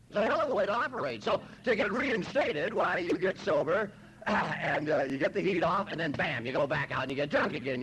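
A man from Los Angeles telling his own story at a recovery meeting, wry and self-mocking, often saying "you know" and clearing his throat. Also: fairly high pitch, a bit bright, slight background noise, rough recording. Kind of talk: humorous personal testimony.

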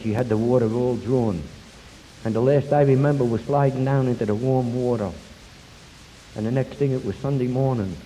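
Speaking fairly quickly with a dark, medium-pitched voice and fairly even intonation, an older man from New York gives a blunt personal talk to an audience about his life and getting sober from drinking. The hissy recording was made in a reverberant hall.

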